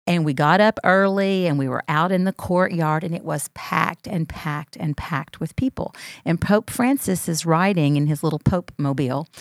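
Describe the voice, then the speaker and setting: A woman pastor tells heartfelt personal stories in a casual podcast chat and grows animated when moved. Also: low voice, no echo, clean studio sound.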